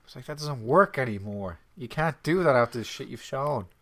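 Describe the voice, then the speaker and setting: A man's voice: medium pitch, lively intonation, brisk. Sarcastic man ranting through a film. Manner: sarcastic and exasperated, often mimicking characters. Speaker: film commentary co-host. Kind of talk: casual film commentary chat.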